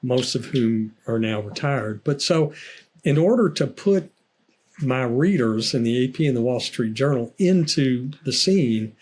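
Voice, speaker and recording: A husky older man with a Southern American drawl, talking as an author guest in a relaxed interview. He tells his stories at a chatty, easy pace and laughs often between them. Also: mid-range voice, unhurried. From United States. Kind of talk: casual interview chat.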